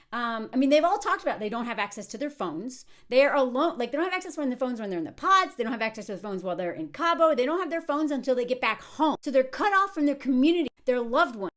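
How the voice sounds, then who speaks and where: A woman in her thirties talks through a reality show in a loose, chatty way. Her voice sits high and swoops a great deal. She slips into mocking impressions whenever she quotes someone. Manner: animated, quoting others in mocking voices. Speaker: commentator reviewing a reality show. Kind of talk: casual commentary.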